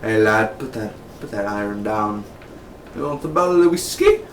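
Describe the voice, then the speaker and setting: A man's voice: lowish voice, lively intonation, normal speed, a little hiss or hum, natural voice. A man mimicking a coaxing, menacing male mob boss who keeps calling someone "lad" and "mate". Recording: roomy echo, mic some distance away.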